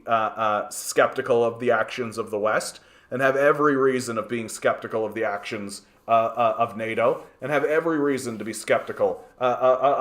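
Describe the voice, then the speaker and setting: A man hosting a livestream and answering his chat. He is heated and fired up, swears often and keeps stumbling over restarts with lots of "uh". His pitch sits in a plain middle range. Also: a bit bright. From Canada. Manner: swears freely. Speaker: political livestream host. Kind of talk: livestream commentary reading chat.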